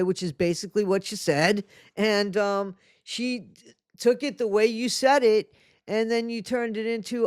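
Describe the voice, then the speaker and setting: Scolding man with a high, smooth voice. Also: unhurried, no room sound, studio quality. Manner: indignant, scolding, addresses people directly. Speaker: commentary channel host. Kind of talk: reaction commentary.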